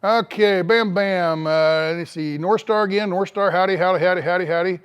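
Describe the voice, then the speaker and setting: An older man with a drawl chats casually outdoors, greeting viewers one by one and wandering off on tangents. His voice sits a touch higher than most men's, and he fills every pause with uhs. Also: fairly even intonation, clear, resonant tone. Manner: rambling, drawling, lots of uh fillers. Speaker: vlogger reading live chat. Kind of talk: casual live-stream chat.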